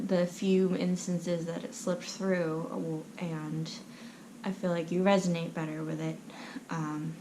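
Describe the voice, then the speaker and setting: Soft-spoken young woman, slow and mellow. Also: medium pitch, slight background noise, rough recording. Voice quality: soft, often half-whispered. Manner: rambling, frequent fillers and restarts. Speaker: channel host. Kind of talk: casual personal chat to camera. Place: at home, someone asleep next door.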